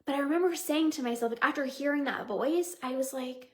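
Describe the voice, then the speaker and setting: This is a young woman with a bright, high-pitched voice, hosting her own motivational podcast. She talks as a coach in an earnest, heartfelt way. She leans on "like" and repeats her points. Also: a little fast, few pauses. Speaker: podcast host and binge-eating coach. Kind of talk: motivational solo podcast monologue.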